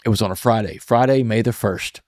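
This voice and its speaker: Earnest low-voiced male storyteller. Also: fairly quick, darkish tone, no room sound, clean studio sound. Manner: earnest and emotional, repeats words. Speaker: guest. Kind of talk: personal storytelling in an interview.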